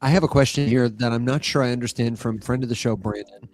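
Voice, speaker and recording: A man's voice: medium pitch, fairly even intonation, fast talker, darkish tone. A man co-hosting a casual live stream, reading out viewer questions in a playful way.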